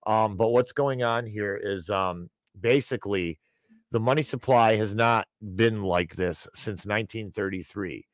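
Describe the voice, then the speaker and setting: A man's voice: fairly low pitch, unhurried, no room sound. A man hosting a broadcast, ranting and wisecracking in casual, rambling commentary. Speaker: show host.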